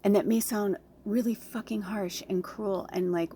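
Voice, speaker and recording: A woman's voice: mid-range voice, steady tone, moderate pace, few pauses, warm tone, slight background noise. A woman speaking as a spiritual medium, earnest and heartfelt, blunt and swearing freely, close to tears. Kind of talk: emotional direct-to-camera talk.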